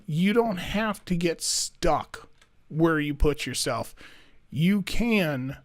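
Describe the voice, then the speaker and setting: A man's voice: on the high side, lively intonation, takes it slowly. A man giving let's play commentary as he builds, thinking aloud and talking to himself as he goes. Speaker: gaming YouTuber.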